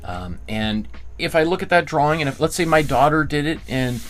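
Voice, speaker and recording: A man's voice: animated, fairly quick, a bit bright. A male art teacher giving a live online drawing class. He talks in a casual, rambling, encouraging way and often restarts his phrases. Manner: acts out quoted voices with big pitch jumps.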